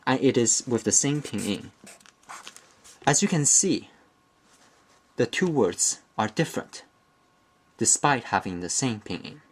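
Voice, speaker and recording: A man teaching a beginner language lesson, explaining step by step in a deliberate, methodical way and often restating or correcting himself mid-phrase. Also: mid-range voice, expressive. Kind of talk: slow explanatory lesson narration.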